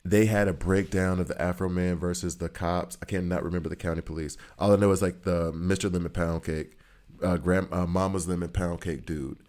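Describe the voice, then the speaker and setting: A man's voice: low-pitched, fairly even intonation, fairly quick, a little mellow. A man giving casual, rambling commentary while playing a video game, joking and repeating himself for emphasis. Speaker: gaming streamer.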